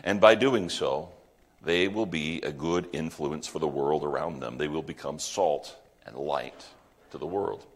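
A man's voice: a bass voice, a little slow. A man preaching a sermon, earnest and emphatic, sometimes stumbling over his words. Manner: earnest, emphatic, with fillers and wide swings in loudness. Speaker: pastor.

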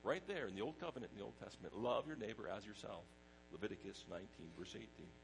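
A middle-aged pastor preaching a sermon in a conversational way, mixing personal stories with scripture. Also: male voice, lowish voice, fast, gravelly, slight background noise, poor audio.

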